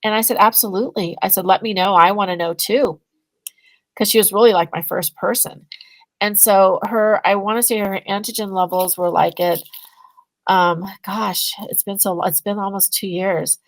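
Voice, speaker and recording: A woman, a guest on a podcast interview, telling a story in a casual, animated way and acting out both sides of the conversations. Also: medium pitch, moderate pace, no echo, rough recording. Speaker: guest, energy healing business owner.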